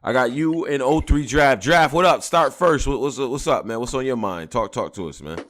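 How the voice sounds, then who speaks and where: A man with a raspy voice, hosting a casual podcast in a laid-back way. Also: medium pitch, lively intonation, moderate pace, fairly bright tone. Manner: laid-back, loose, many fillers. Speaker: podcast host.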